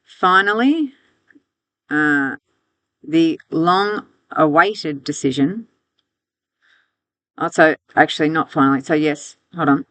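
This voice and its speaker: A woman's voice: sits low, slow, long pauses, a bit bright, dry recording. A woman teacher walking students through a reading text, thinking aloud with restarts and rhetorical questions, on a close mic.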